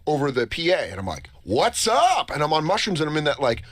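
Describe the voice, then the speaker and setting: Lively in pitch and talking very fast, a U.S. show host rattles off a casual, profanity-laced story on the radio, voicing each person he describes. The sound is dry with no room echo, though faint music plays in the background.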